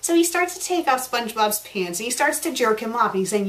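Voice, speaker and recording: Woman host, casual review vlog, blunt and fed-up delivery, voice slightly high. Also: lively intonation, brisk, a bit bright. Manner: blunt, exasperated ranting with fillers. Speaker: fanfiction reviewer, show host.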